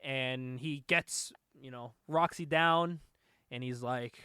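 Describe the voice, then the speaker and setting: A man hosting a casual podcast chat, retelling a movie in an animated way, acting out the characters' lines and laughing often. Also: mid-range voice, slow, clear, resonant tone, dry recording, studio quality. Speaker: podcast host.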